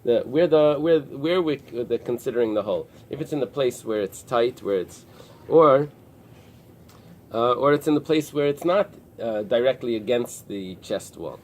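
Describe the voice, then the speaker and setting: A man teaching a Talmud class, pausing and restarting often as he explains the text. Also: mid-range voice, expressive, a little mellow. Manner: explains in halting restarts with many fillers. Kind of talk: early-morning Talmud class. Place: synagogue study room with a small group.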